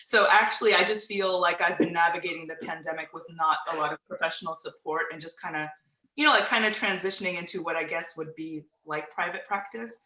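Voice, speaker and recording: Brief: rambling, bright-voiced woman from the US South, roomy call audio. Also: on the low side, brisk. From American South. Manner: chatty, rambling, self-deprecating. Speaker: therapist. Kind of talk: casual introduction on a group video call. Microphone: video call.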